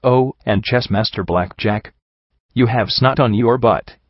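A man's voice: medium pitch, unhurried, no echo, highs cut off, lightly acted. A man reading the part of a blunt, teasing female pony fighter.

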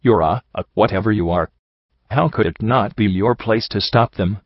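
A man's voice: lowish voice, moderate pace, no room sound, close to an everyday voice. A man voicing an angry young mare from the wasteland in an audiobook reading, with a furious, accusing manner. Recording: dull lo-fi dry recording.

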